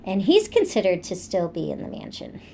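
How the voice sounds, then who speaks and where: A woman co-hosting a podcast, telling stories in a relaxed way with fillers. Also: medium pitch, a little fast, gravelly, slight background noise. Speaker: podcast co-host. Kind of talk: casual storytelling chat.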